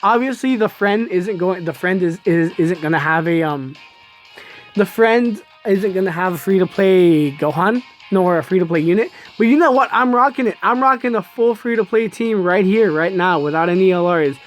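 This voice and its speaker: Excitable woman streaming a game. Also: lowish voice, normal speed, soft background music. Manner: excitable, hyped, laughs often; chatty, addresses viewers as y'all. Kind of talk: live gameplay commentary.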